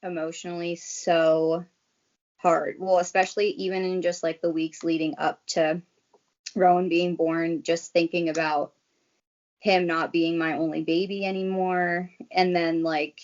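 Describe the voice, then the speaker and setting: A young woman talks in a chatty, rambling way, with many "like"s as she tells her story. Her voice sits a little low. The recording sounds slightly dull and lo-fi. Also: flat delivery, unhurried, a little mellow. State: briefly tearful. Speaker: guest. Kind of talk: casual chat.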